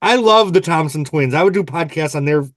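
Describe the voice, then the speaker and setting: Male podcast host, slightly high voice, playful, rambles into tangents, dry close sound. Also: animated, fairly quick, no room sound. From United States. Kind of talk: casual chat about music.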